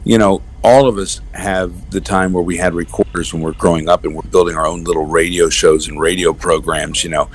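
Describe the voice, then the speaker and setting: Deep-voiced man in easygoing interview. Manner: animated storyteller, slips into quick character voices. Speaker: voice actor guest. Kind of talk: casual interview chat.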